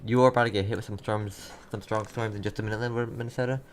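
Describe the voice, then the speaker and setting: A young man hosting live storm coverage, reading out town after town and answering chat, halting and repeating himself. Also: fairly low pitch, steady tone, slight background noise. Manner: rapid town-by-town updates, halting and repetitive. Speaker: livestream weather host.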